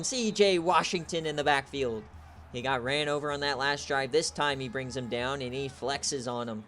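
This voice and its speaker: A young man giving play-by-play commentary on a video game football stream, excitable and shouting on big plays. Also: medium pitch, normal speed, a little hiss or hum. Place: home setup, streaming.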